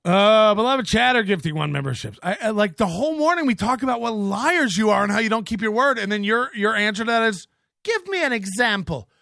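A man's voice: sits high, quick pace, gravelly, few pauses, sharp tone, no room sound, clean studio sound. A man hosting a livestream, ranting angrily with mocking, profane jabs. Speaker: livestream host.

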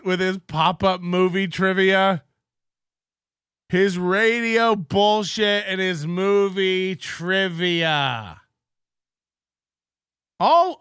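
A man's voice: high-pitched, fairly bright tone, smooth, no room sound. Sarcastic man mocking clips, dry sound. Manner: sarcastic, crude, quotes people in mimicking voices. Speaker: host. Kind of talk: mocking commentary on stream clips.

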